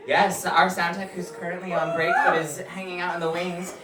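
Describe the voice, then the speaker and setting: A man's voice: high-pitched, flat delivery, normal speed, a loud crowd. Chatty trans man comic, far off. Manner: chatty, laughing, shouting introductions. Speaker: comedian and show host. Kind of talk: stand-up set and hosting. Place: small comedy venue. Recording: echoey room from far off with loud noise.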